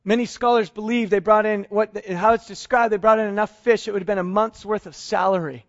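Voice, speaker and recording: A middle-aged man preaching a sermon, telling a story in a lively way and acting out the dialogue. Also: sits high, fairly quick, lo-fi sound. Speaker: pastor.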